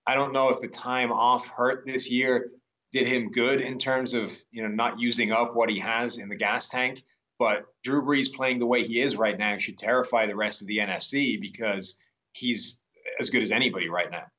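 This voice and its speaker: Measured male football analyst, dull line. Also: medium pitch, fairly even intonation, pushed and bright, recorded from a distance. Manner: measured, matter-of-fact analysis. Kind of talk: casual sports radio interview. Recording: slightly dull remote line.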